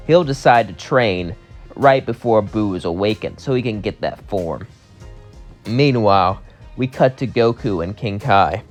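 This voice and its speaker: A man's voice: fairly low pitch, expressive, measured pace. A man narrating a fan-fiction story in a casual, conversational way. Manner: conversational, plain. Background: faint music.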